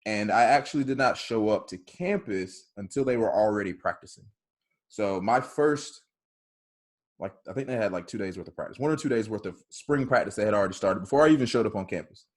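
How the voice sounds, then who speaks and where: Male coach, low voice, loud and bold storyteller, video call audio. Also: expressive, a little fast. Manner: loud, bold, acts out both sides of the dialogue. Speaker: softball hitting coach.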